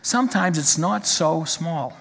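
High-voiced man preaching in a reverberant hall. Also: expressive, creaky, fairly bright tone, husky. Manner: earnest, measured storyteller who reads a story aloud. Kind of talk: sermon storytelling.

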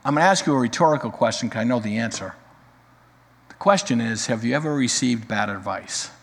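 A male pastor preaching a sermon, dramatic, swinging between loud emphasis and quiet, full of rhetorical questions. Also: mid-range voice, expressive, fairly quick, gravelly, slightly rough, long reverb tail.

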